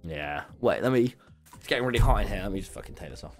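A man, casually chatting with viewers on a live stream from his office, animated and swearing as he tells stories. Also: lowish voice, fast talker, creaky, soft background music. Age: late teens. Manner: animated, swearing, lively storytelling.

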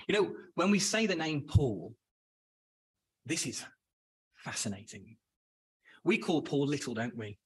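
A man's voice: medium pitch, husky, rough recording. A man preaching a sermon, addressing brothers and sisters and asking rhetorical questions. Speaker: Bible speaker.

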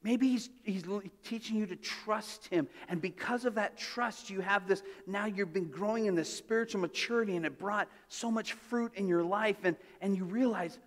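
A man's voice: sits high, normal speed, few pauses. A male pastor preaching a sermon in a church, telling stories conversationally with asides and restarts. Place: church sanctuary. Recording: reverberant church hall.

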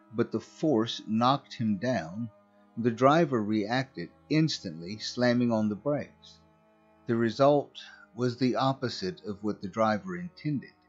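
A man narrating a scripted horror story in a slow, measured way. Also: mid-range voice, husky. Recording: muffled recording with faint music.

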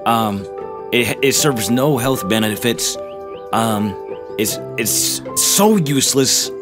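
A man doing a deadpan fake-ad spokesman. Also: mid-range voice, takes it slowly, music in the background. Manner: deadpan, repetitive warnings. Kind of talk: comedy sketch parody ad.

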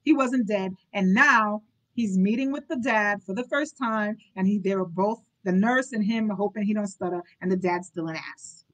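Woman, book club host, casual read-aloud, chatty asides, mid-pitched. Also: normal speed, fairly bright tone, low-quality recording. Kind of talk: live reading with casual commentary.

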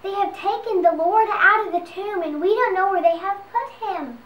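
A young speaker voicing a distraught young woman, Mary Magdalene, in a children's Bible story with high, urgent lines. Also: normal speed, a bit bright, roomy sound, far from the mic, poor audio.

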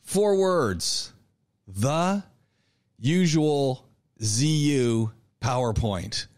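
A man teaching an online public speaking class, lecturing in an animated, coaching way with frequent restarts. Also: medium pitch, very slow. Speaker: college public speaking instructor.

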